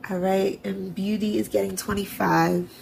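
A woman's voice: mid-range voice, little pitch movement, normal speed, darkish tone, slight background noise, poor audio. A woman vlogger narrating her budgeting and bill transfers in a chatty, self-talking way, with sarcastic asides. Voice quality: gravelly vocal fry. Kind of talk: casual narration of online banking.

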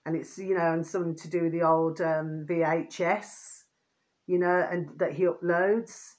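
A woman vlogger speaks at a moderate pace in a fairly low, steady, slightly mellow voice. Her casual monologue to viewers wanders and repeats, often turning irritated as she vents, falls back on pet phrases, and asks "do you see what I mean."

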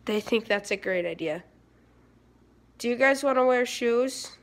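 A teenage girl speaks a little slowly, her slightly high voice full of lively intonation, as she chats playfully with her dogs and viewers. The casual vlog is shot on her phone indoors at the family home.

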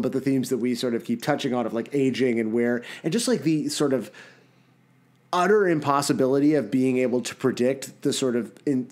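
A man's voice: mid-range voice, a little mellow. A young man co-hosts a podcast in a loose, rambling way. He laughs often and pads his sentences with fillers as he chats casually. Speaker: podcast co-host. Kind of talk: casual chat.

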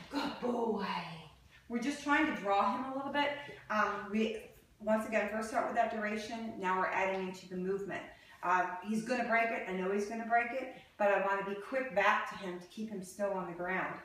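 A woman's voice: medium pitch, normal speed, a bit bright, a little hiss or hum. A woman dog trainer filming a puppy training video, praising and coaxing the puppy in a cheerful, sing-song voice. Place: home, indoors then outdoors. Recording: echoey room, voice from a distance.

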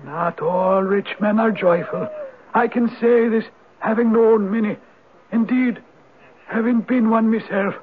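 An actor playing an ancient Viking spirit turned Irish hermit who speaks in a measured, knowing, gently probing way, in a 1970s radio drama. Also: male voice, high voice, steady tone, a little hiss or hum. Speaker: Old Man of the Rock. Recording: tinny lo-fi old radio broadcast.

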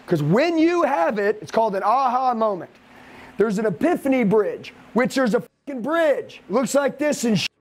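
A man with a high voice drives a live sales seminar for a room of trainees. He rants, swears and pushes them hard, with no letup in his pressure. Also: big pitch swings, moderate pace. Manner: profane, aggressive, hyped-up lecturing.

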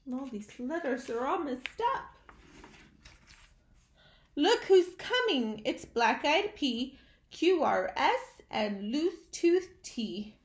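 A woman reading a picture book aloud to young children, slow and animated, stopping to ask her listeners questions. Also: high voice, echoey room.

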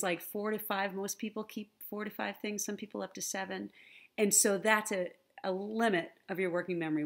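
A woman presenting an online conference talk with slides, friendly and teacherly, often checking in with "right?" and "okay?". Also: medium pitch. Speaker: conference speaker on the brain and language learning. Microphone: computer mic, online presentation.

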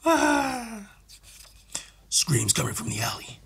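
A man voicing a brutal hulking male alien monster from a comic, speaking in gruff, terse, half-whispered threats. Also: high voice, wildly swooping pitch, slow, a bit bright, voice pushed up, full character voice. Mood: menacing.

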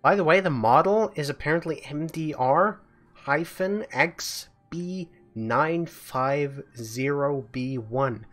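A man's voice: a little high, slow, a bit bright, soft background music. A man streaming a game live, ranting furiously with heavy swearing.

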